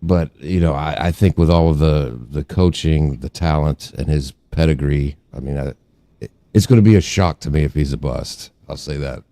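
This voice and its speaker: Deep mellow man giving measured football analysis. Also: no echo. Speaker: podcast co-host. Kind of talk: casual sports chat.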